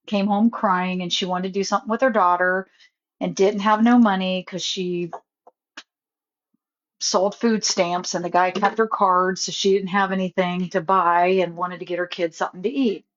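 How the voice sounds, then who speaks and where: A woman vlogging in a casual rant, indignant and rambling, often cutting herself off mid-sentence. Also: mid-range voice. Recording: dull lo-fi phone audio.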